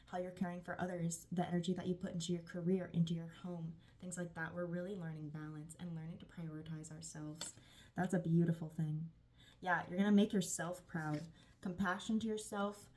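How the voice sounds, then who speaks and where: Woman tarot reader, warm affirmations, soft-spoken with sighs, lower-pitched. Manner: gushing, affirming, sighs often. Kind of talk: channeled tarot reading.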